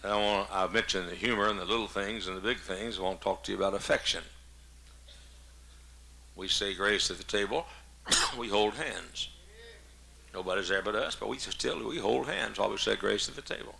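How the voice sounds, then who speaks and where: A man's voice: on the low side, normal speed, vocal fry, pauses often, bright, forceful tone, slight background noise. A man in his seventies, a pastor preaching a humorous sermon in a folksy, joking way, coughing often. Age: 70s.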